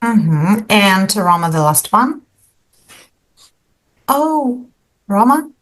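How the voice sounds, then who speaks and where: A woman's voice: mid-range voice, sing-song, drawn-out words. A woman teaching an English lesson over a video call, patiently asking her students questions and encouraging them.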